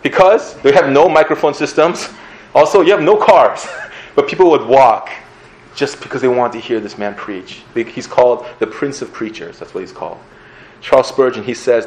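A male pastor giving a sermon in a conversational, earnest way, with an animated delivery. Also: medium pitch, moderate pace, poor audio.

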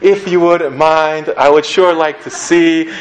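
A man's voice: on the high side, steady tone, pitched above the performer's own voice, close to an everyday voice, low-quality recording. A man mocking a pompous flowery pray-er. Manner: slow, showy, overly formal. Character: pompous long-winded man praying flowery prayers.

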